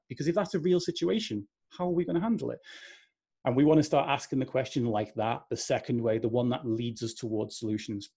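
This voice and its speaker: A man's voice: medium pitch, quick pace, mellow, slightly rough. A man with a northern English accent giving a conversational talk over a video call, acting out inner voices as he goes. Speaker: speaker. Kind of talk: talk to an online audience.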